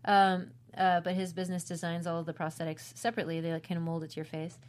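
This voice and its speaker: A young woman with a slightly low voice talks casually about playing a role. She tells stories with lively quoted lines and laughs often. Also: fast. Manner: laughs often, animated storytelling with acted quotes. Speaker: actress discussing her role. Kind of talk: casual chat.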